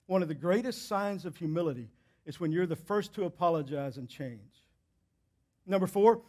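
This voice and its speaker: A male pastor preaching a sermon in a church, emphatic and repeating his key points, swinging between loud and hushed delivery. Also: a little high, lively intonation, moderate pace.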